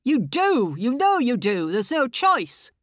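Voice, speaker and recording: Bullying inner voice, barking, angry, raised pitch, dry close sound, put on by a woman reader. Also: sing-song, slow pace, no room sound. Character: harsh bossy inner voice of a woman.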